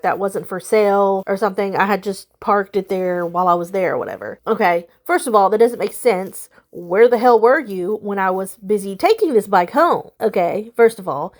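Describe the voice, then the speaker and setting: A middle-aged woman vlogging to her viewers, candidly telling a personal story and growing animated as she recounts a confrontation. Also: medium pitch. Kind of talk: casual storytelling vlog.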